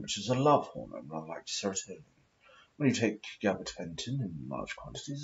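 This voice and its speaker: A man's voice: fairly low pitch, highs cut off. A man with a posh English accent, rambling through a sweary, self-mocking vlog monologue while smoking. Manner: profane, meandering, self-mocking asides. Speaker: vlogger.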